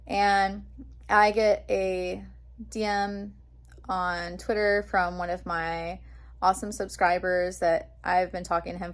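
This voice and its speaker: Young woman, vlogger, chatty storytelling, lots of fillers, excited. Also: lowish voice. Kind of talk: casual storytelling vlog.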